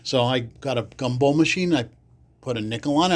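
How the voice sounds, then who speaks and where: Animated New man telling street stories. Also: brisk. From the Bronx, New York. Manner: acts out quoted voices with big jumps in pitch, salty language. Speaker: podcast guest. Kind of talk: casual storytelling.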